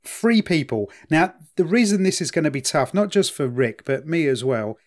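A man's voice: fairly high pitch, animated, moderate pace. A man co-hosting a podcast in casual chat, upbeat and cheerfully leading the discussion. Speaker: podcast co-host.

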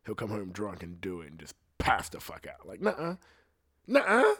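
A man's voice: deep voice, brisk, fairly bright tone, slightly rough. A man, a singer, in a loose, rambling monologue, full of swearing and meandering asides. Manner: profane, meandering, laid-back storytelling. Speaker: singer talking on a podcast.

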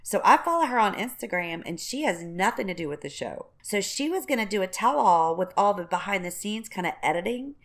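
A woman co-hosting a casual podcast chat, animated and quick to act out what others said in mocking voices. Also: mid-range voice. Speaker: podcast co-host.

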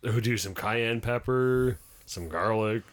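A man's voice: lowish voice, slow. A man, co-hosting a casual podcast chat and laughing often. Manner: laughs often, reads a comic aloud with voices. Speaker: podcast co-host.

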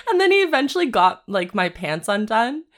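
A young woman co-hosting a casual chat show, sarcastic and animated, laughing often. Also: fairly high pitch, fairly quick. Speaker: podcast co-host.

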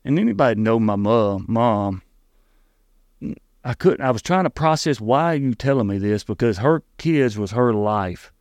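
A middle-aged man with a Tennessee Southern accent, telling his story as an interview guest in an earnest, halting way, often restarting and repeating words. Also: mid-range voice, lively intonation, darkish tone, no room sound.

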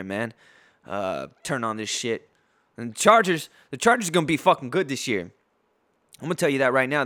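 A man from San Diego ranting as a podcast host, loud and trash-talking, a little tipsy, with lots of restarts. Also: medium pitch. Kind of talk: profane sports rant.

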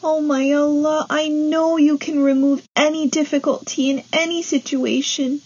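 A woman's voice: mid-range voice, sing-song, unhurried, breathy edge, muffled recording, exaggerated voice. A woman voicing a young female beaver who talks in an earnest, pleading way. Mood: tearful pleading.

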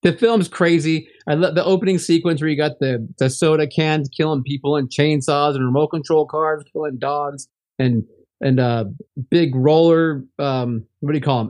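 A man's voice: a little high, darkish tone. A man co-hosting a casual movie-review podcast, rambling with many restarts and frequent laughs. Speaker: podcast co-host.

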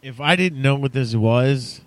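A man co-hosting a podcast in casual chat, easygoing and quick to laugh. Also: mid-range voice, no echo. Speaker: podcast co-host.

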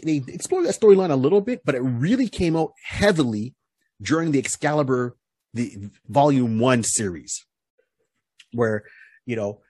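A man's voice: mid-range voice, darkish tone, no echo. A man co-hosting a podcast, casually recapping a comic book hero's story, rambling with lots of fillers and restarts. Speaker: podcast co-host.

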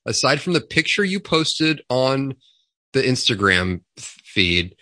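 Lively, sarcastic male podcast co-host. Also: mid-range voice, measured pace, no echo. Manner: sarcastic, heavy swearing, laughs a lot. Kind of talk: casual podcast chat.

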